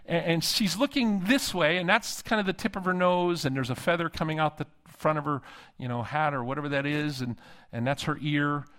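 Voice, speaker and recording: A man's voice: a little high, fairly quick, fairly bright tone. A middle-aged man, a seminary dean, preaching a sermon and telling stories with humor, acting out the voices of people he quotes. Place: conference hall.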